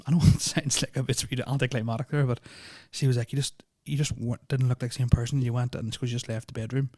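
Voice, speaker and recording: Young guy, podcast host, fast, flat-toned, rambling and uneasy, dry close sound. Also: medium pitch, no echo. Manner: rambling, full of "like" fillers, restarts and swearing; nervous, uneasy retelling. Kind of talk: casual storytelling of personal experiences.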